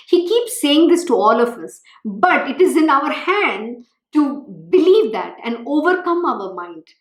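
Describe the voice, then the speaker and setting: A woman's voice: high-pitched, moderate pace. A woman, reading from a scripture and telling her own story in an earnest, storytelling way. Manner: earnest, storytelling, animated when recalling her own feelings. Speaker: spiritual teacher reading and expounding scripture. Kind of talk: scripture reading with personal commentary. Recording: echoey room.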